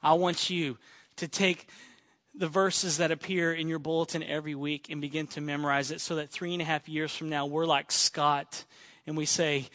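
A man's voice: a little high, moderate pace, no room sound. A man preaching a sermon to his church, telling a story in earnest and quoting a friend's words. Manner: earnest storytelling, quoting a friend, shifting between excited and hushed. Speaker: pastor.

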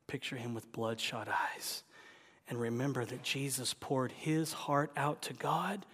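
A man preaching a sermon, his voice swelling to loud pleading and dropping to hushed whispers. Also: medium pitch, breathy edge. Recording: long hall reverb.

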